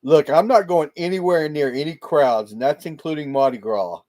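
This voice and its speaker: Through his laptop microphone, this livestream host rambles and laughs frequently in a relaxed chat with viewers. He has a fairly high, slightly mellow voice and talks at a moderate pace.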